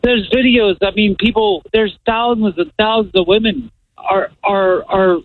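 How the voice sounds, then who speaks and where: A male caller on a thin, tinny phone line, agitated and stammering, with a slightly high voice. The sound is dry and narrow. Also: fairly even intonation, measured pace, dry recording.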